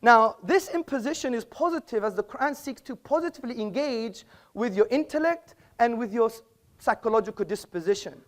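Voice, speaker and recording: A man's voice: extremely high pitch, lively intonation, fairly quick. A man giving a formal debate speech in an auditorium, lecturing and argumentative, with rhetorical questions.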